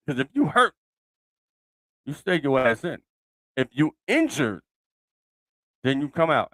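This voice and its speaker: This man hosts his own sports podcast, delivering casual solo commentary in a lowish voice with no echo. He speaks loosely, thinking out loud, full of fillers and restarts.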